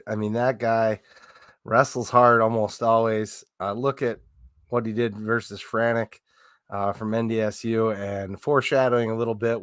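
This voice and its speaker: A man's voice: lowish voice, clear, resonant tone, dry recording, clean studio sound. A man co-hosting a casual sports podcast, telling stories in a rambling way with lots of fillers and restarts. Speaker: podcast co-host.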